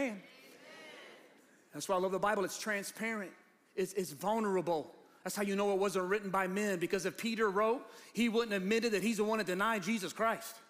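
Pastor, male, high bright voice, shouting sermon, long hall reverb. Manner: swings from low, quiet asides to shouted, rising preaching. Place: church hall.

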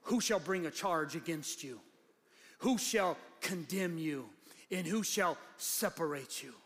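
A pastor preaching a sermon, talking conversationally and then building to shouted fervor. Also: male voice, a little high, lively intonation, measured pace. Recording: long hall reverb.

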